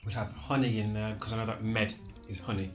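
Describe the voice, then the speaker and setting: A man co-hosting a casual food tasting, relaxed and thinking aloud as he talks. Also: fairly low pitch, fairly quick, over music. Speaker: co-host. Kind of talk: casual chat.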